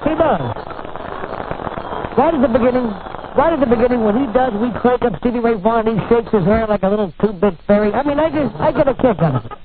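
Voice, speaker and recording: A man's voice: extremely high pitch, lively intonation, fast talker, noisy background. A male radio talk show host in a studio, teasing and rambling through brash, irreverent banter. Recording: phone-like narrow radio broadcast.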